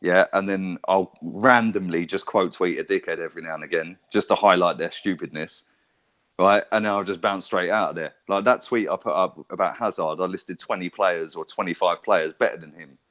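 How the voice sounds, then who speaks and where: Low-voiced swearing man in casual chat. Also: a bit bright. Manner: swears freely, rambling storyteller. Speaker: podcast co-host.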